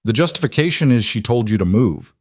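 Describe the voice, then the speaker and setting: A man voicing a gruff, hostile male security guard who barks orders. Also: mid-range voice, animated, brisk, darkish tone, dry recording, studio quality. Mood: menacing. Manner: growling, barking orders.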